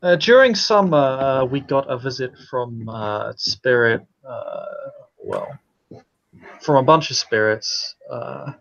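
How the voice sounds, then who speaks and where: A man playing a halting, polite werewolf warrior. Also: mid-range voice, animated, vocal fry, fairly bright tone, muffled recording, heavily acted. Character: formal male werewolf warrior introducing himself. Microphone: video call.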